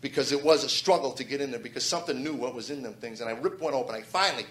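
A man's voice: medium pitch, fairly bright tone, reverberant. A man in his forties telling an earnest personal testimony, often restarting his sentences. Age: 40s. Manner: earnest, halting with repeated restarts. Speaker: testimony speaker.

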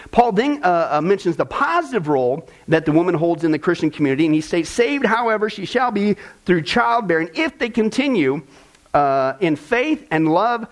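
A middle-aged man, a pastor, teaching Scripture in a loose, storytelling way, full of fillers and repeated words, often asking "right?" and "okay?". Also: high voice. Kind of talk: Bible teaching.

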